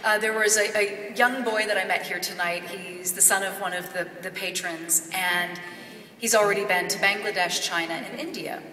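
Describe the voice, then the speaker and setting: A woman's voice: mid-range voice, steady tone, normal speed, bright, forceful tone. A woman giving an earnest, off-the-cuff speech at a gala. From Kentucky. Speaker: gala speaker. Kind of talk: extemporaneous speech. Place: large gala ballroom. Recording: echoey hall from far off, faint ambience.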